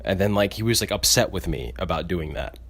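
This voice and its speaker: A man with a very low, deep voice talks through a long, casual rant on his podcast. He rambles, repeats "like" constantly and swears freely as he complains. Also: expressive, a little fast, noisy background. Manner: rambling and profane, heavy use of filler "like". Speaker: podcast co-host. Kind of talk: casual venting monologue.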